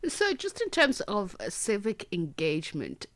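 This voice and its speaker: A woman's voice: mid-range voice, huge pitch swings, measured pace, fairly bright tone, no echo. A woman hosting a radio interview, talking with many filler sounds and hesitations. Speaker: radio show host.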